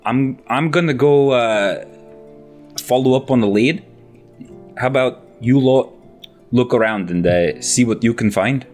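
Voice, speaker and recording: A man's voice: mid-range voice, a little slow, pauses often, a little mellow, faint music behind, close to an everyday voice. A man voicing a lean, wiry elven male guild hero in a put-on bad Scottish accent, brash and chummy. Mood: gruff.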